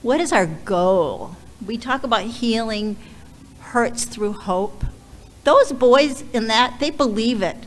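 A woman speaking as a visiting ministry leader in a heartfelt church talk, earnest and emotional, pausing often and restarting her sentences. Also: fairly high pitch, expressive, a little hiss or hum. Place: church sanctuary. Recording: reverberant hall, faint background ambience.

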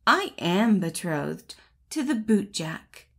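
A woman voicing a proud, engaged female hair comb in a storybook, answering in a quick, self-assured way. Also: mid-range voice, sing-song, vocal fry, slightly rough, full character voice. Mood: smug.

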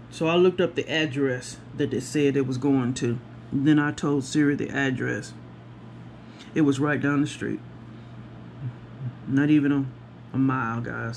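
A woman chatting to viewers about her day while she works on a craft project, animated and talking straight to the camera. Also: moderate pace, slight background noise. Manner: acts out other people's voices with big pitch jumps. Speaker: craft vlogger. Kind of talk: casual storytelling while crafting.

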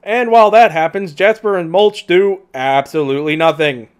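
A man's voice: sits high, normal speed, clear, resonant tone. A man reviewing a movie in casual commentary, with a sarcastic, mocking manner.

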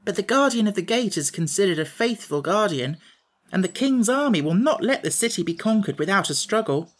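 A man's voice: high-pitched, animated, brisk, voice pushed up. A man reading an audiobook, voicing a curious and polite young boy.

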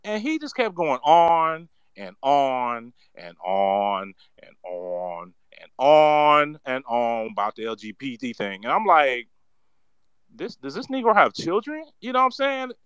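A man's voice: on the high side, fairly bright tone, clear, resonant tone, no room sound. A man giving a profane, ranting commentary, heated and mocking, heavy on slang and cursing. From San Francisco Bay Area. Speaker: political commentator.

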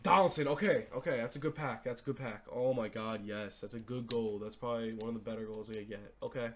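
Excitable young man opening card packs. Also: mid-range voice, quick pace. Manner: excitable, dramatic swings between hype and deflated mumbling. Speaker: gaming YouTuber. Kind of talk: pack-opening commentary.

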